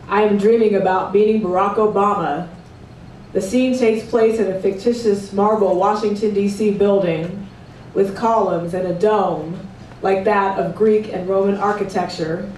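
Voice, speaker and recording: A woman giving a live reading of her own poems, in a plain and measured way. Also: mid-range voice, steady tone, a little mellow, a little hiss or hum. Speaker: poet reading her work. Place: event hall at a book party. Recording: echoey room from far off. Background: live music playing.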